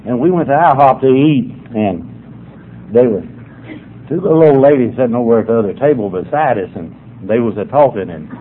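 A man's voice: mid-range voice, slightly rough. An older man, telling humorous stories at a sobriety meeting in a folksy, drawling way. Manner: folksy, drawling yarn-spinner. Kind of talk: humorous storytelling to an audience. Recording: tinny phone-like recording, faint noise.

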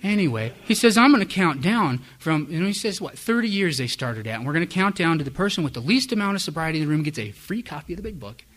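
A man's voice: on the high side, sing-song, quick pace, hardly any pauses, fairly bright tone. Man telling his recovery story candidly. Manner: candid, self-mocking storytelling. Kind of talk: personal testimony to a live audience.

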